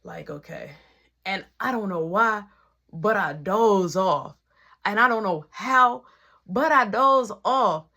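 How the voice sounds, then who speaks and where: A woman telling a personal story in an animated way, often dropping into whispers. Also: medium pitch, slow pace. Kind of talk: storytime vlog.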